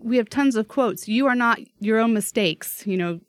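A woman's voice: on the high side, normal speed, dry recording, studio quality. A woman from the United States in a casual discussion, thinking aloud as she raises her questions.

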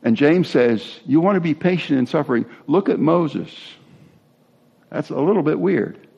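A male pastor preaches in a relaxed, conversational way, with asides and restarts as he goes. His voice has a gravelly creak. The recording sounds dull and lo-fi. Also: a little high, moderate pace. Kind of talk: sermon.

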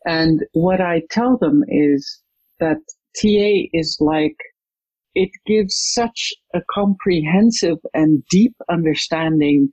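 A coach and trainer, a guest in an interview, who tells a client story with lively retelling and acts out the quoted dialogue. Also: mid-range voice, slow pace, husky, dry recording, dull audio.

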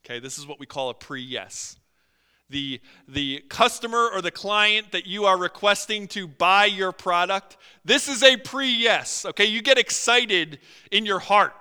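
A man preaching a sermon as pastor, animated, acting out quotes and often using fillers. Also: sits high, unhurried, smooth. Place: church sanctuary. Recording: long hall reverb.

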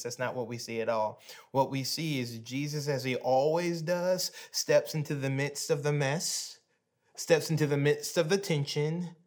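A man in his thirties giving a sermon as a pastor, telling a family story and moving from hushed, soft moments to animated ones. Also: mid-range voice.

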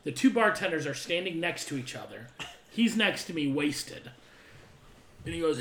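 A man's voice: fairly high pitch, expressive, moderate pace, pauses often, a bit bright, echoey room. A young man co-hosting a podcast, telling crude, laughing anecdotes in casual chat and acting out the people in them. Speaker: podcast co-host.

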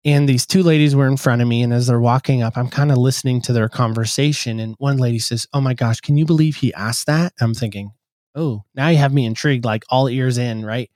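A man with an everyday, mid-range voice tells a story to his interviewer in an earnest, warm way. He slips into little voices for the people he quotes. The sound is dry and close, with no room echo. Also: mid-range voice, steady tone, fairly quick. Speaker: podcast host, guest. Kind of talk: conversational storytelling.

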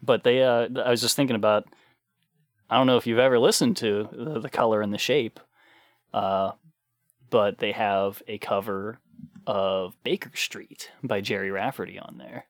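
A man's voice: lowish voice, fairly even intonation, normal speed, dry recording, studio quality. A man co-hosting a casual album discussion podcast, laughing often and swearing casually. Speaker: podcast co-host.

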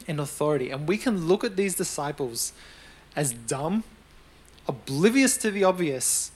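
Chatty young man preaching a sermon. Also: on the high side. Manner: conversational, animated storytelling with acted-out quotes.

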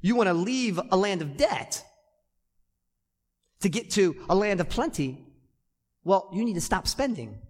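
Man, pastor, emphatic sermon, repeats key lines, high voice, echoing church hall. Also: very animated, measured pace, pauses often. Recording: long reverb of a church hall.

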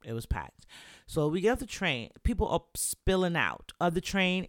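A man's voice: on the high side, dry recording, clean studio sound. A young American man who raps, telling a travel story casually and animatedly, with lots of filler words. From United States. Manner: animated, chatty, full of "like" and "you know".

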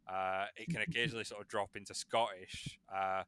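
Smooth bright-voiced man. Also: fairly low pitch, a little fast. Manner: relaxed and rambling, with many fillers. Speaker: podcast host and game master. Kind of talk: casual chat.

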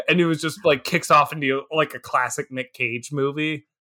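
A man co-hosting a casual movie podcast, animated and quick to laugh, talking with lots of filler words. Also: on the high side. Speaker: podcast co-host. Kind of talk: casual movie review chat.

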